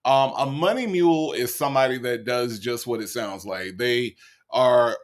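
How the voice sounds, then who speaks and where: A man's voice: mid-range voice, moderate pace. A man hosting a casual reaction commentary, talking straight to his viewers and laughing often. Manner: animated, addresses viewers directly, laughs often. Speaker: commentary host.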